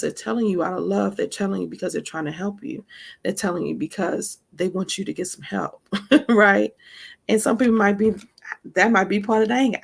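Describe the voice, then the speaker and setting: A woman's voice: mid-range voice, fairly even intonation, brisk, creaky, slightly rough. A woman giving a casual spiritual teaching talk, speaking straight to her listeners with frequent asides and emphatic remarks. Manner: conversational, addresses listeners directly with frequent asides; emphatic, laughs between points.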